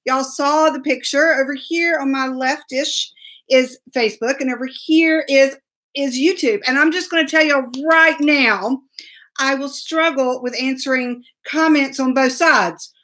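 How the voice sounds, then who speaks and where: Lady live-streaming her show, high bright voice, bubbly, greets everyone. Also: unhurried. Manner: bubbly and excitable, laughing often. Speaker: host of a live web show. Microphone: laptop mic.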